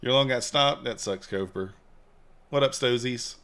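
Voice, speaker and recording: A man's voice: mid-range voice, a little slow, sharp tone. A man hosting a live trading stream, chatting casually, joking and answering viewers' comments. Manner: laid-back, joking, reads and answers chat. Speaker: livestream trading host.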